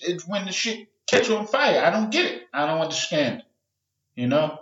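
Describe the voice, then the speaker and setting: On a muffled, roomy-sounding recording, a man with a slightly high, somewhat bright voice rants casually and profanely on his solo podcast. He keeps going off on tangents and performs the voices of others he's quoting.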